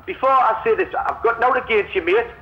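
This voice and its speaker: A man's voice: very high voice, quick pace. Cheeky Geordie man on a phone line. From North East England. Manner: cheeky, teasing. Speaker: caller.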